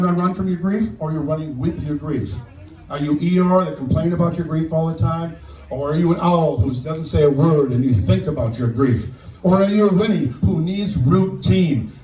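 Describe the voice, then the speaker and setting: An older man giving a memorial speech as guest speaker, telling a personal story in a halting way, often repeating words. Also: on the high side, dark tone. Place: outdoor memorial gathering. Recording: distant echoey sound with faint noise.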